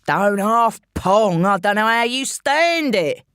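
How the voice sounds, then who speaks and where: A woman voicing a menacing male gangster with a London accent, taunting in a slow, mocking drawl. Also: mid-range voice, lively intonation, fairly bright tone, clean tone, dry recording, studio quality.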